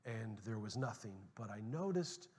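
A middle-aged man preaching a sermon as pastor, telling a story animatedly, dropping to a hush and then rising loud. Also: lowish voice, animated, normal speed, husky. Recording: long hall reverb.

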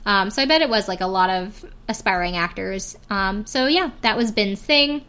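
A woman's voice: mid-range voice, normal speed, fairly bright tone. A young woman hosting a casual podcast, recapping a reality show in a chatty, giggly way, full of "like" and "um". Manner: chatty, giggly, heavy use of "like" and "um". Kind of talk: casual chat.

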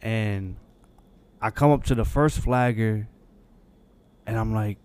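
Chill young guy on a podcast mic, lowish smooth voice, rambles through a story with lots of ums. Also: takes it slowly, pauses often, a little mellow. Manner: rambling, laid-back anecdote with many fillers. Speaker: podcast co-host. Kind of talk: casual storytelling chat.

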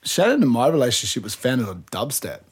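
A man's voice: mid-range voice, big pitch swings, fairly quick, slightly rough. A man in his thirties, a DJ and producer, talking loosely in a casual interview, rambling, swearing freely and acting out what people said. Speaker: guest DJ and producer.

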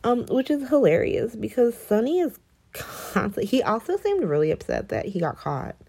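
A woman recapping soap opera episodes in a gossipy, animated chat, acting out the characters' lines. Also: on the high side, normal speed, gravelly, breathy edge. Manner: gossipy, animated, quotes characters in mock voices, laughs often.

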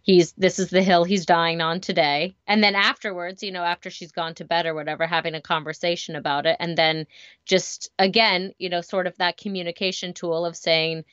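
A woman's voice: lowish voice, fairly even intonation, a little fast, a bit bright, clear, resonant tone, no room sound, lo-fi sound. A woman in her thirties co-hosting a casual parenting chat, telling stories with lots of fillers. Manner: chatty, storytelling, many fillers. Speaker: podcast co-host.

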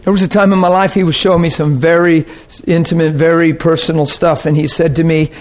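A male preacher delivering a sermon in a conversational, earnest tone. His voice sits a little high for a man, and he keeps turning to the crowd to ask if they follow. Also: level tone, brisk, hardly any pauses. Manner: earnest, conversational, often checks in with the audience.

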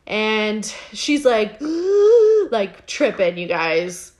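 A woman hosting a casual podcast, recapping a TV episode in an animated, giggly way, with a filler-heavy delivery. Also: medium pitch, very slow. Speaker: podcast host.

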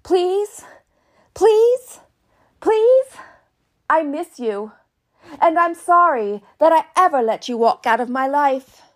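A woman's voice: sits high, animated, normal speed, hardly any pauses. A woman playing a melodramatic begging ex. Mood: desperate pleading. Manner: pleading, overwrought, repetitive begging.

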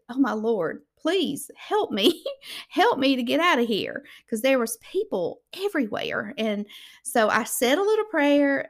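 A middle-aged woman with a Southern accent, telling a heartfelt personal testimony and acting out the voices of the people in it. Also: fairly high pitch. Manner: heartfelt, animated, acts out voices.

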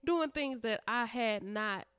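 A woman's voice: on the high side, slow, fairly bright tone, clean tone, no echo, soft background music. Woman on a podcast telling stories, earnest and reflective, dry sound. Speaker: podcast co-host. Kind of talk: casual chat.

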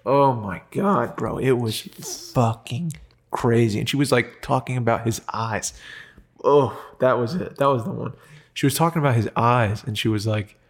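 Casual host, mid-pitched man, emotional and swears, plays out the people in his stories. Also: moderate pace, husky. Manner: emotional, swears freely, acts out quoted lines. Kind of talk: casual chat.

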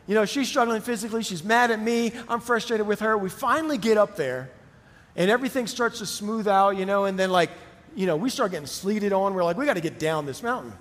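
A middle-aged man preaching a sermon, telling a personal story in a conversational, animated way. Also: sits high, a little fast. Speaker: pastor. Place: church auditorium. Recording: long hall reverb.

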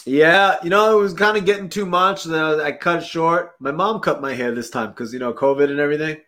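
Young male podcast host, casual and slangy, slightly high voice. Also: brisk, fairly bright tone. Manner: laid-back, slangy, laughs often. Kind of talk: casual chat.

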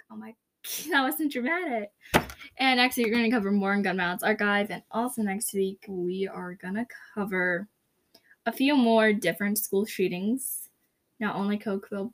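A woman's voice: mid-range voice, fairly even intonation, fairly quick. A young woman hosting her first podcast, rambling and self-conscious, with a faint hiss in the background. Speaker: podcast host. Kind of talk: casual podcast outro.

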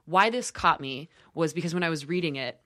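A podcast host in casual chat, recounting a news story with many pauses and fillers. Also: mid-range voice, animated, sharp tone, no echo, clean studio sound.

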